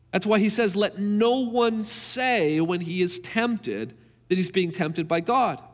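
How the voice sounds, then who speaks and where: A man's voice: very high-pitched, expressive, normal speed, fairly bright tone, in a large hall. A man preaching a sermon in an earnest, emphatic way, repeating key phrases to drive them home.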